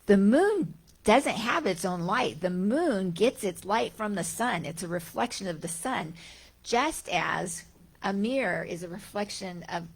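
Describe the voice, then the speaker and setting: A woman's voice: medium pitch, expressive, a little slow, creaky, breathy edge. A woman giving a reflective spiritual talk as a teacher, speaking conversationally and asking her listeners rhetorical questions.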